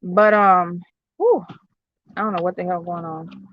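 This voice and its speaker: Bright-voiced woman chatting on a livestream. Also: fairly low pitch, steady tone, moderate pace, a little hiss or hum. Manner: loose, profane, storytelling with many fillers. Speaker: livestream host chatting with viewers. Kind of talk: casual livestream chat. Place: at home, indoors. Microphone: streaming software on computer or phone. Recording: slightly dull lo-fi stream audio.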